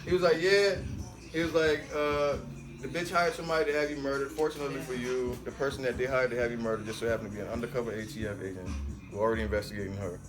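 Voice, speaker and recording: A man telling a story in a casual podcast chat, animated and acting out the voices of the people in it. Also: mid-range voice, fast, over music. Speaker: podcast guest.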